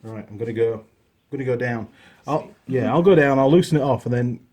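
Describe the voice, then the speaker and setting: Speaking fairly quickly in a medium-pitched, slightly mellow voice, a middle-aged mechanic works through a repair tutorial in his home workshop. His talk is casual and self-deprecating, often straying into stories.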